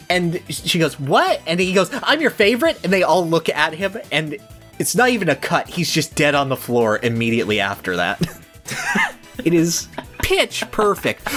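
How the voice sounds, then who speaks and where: A podcast co-host in casual chat, gushing about a cartoon with excited bursts and frequent laughter. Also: mid-range voice.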